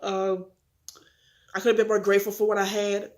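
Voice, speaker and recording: An eighteen-year-old woman speaks to her viewers in a casual confessional vlog, candid and earnest. She sounds upset but keeps herself from crying as she talks. Her voice sits at a middle pitch. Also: level tone, normal speed. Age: young adult. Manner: talks directly to viewers, acts out phone calls. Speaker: vlogger.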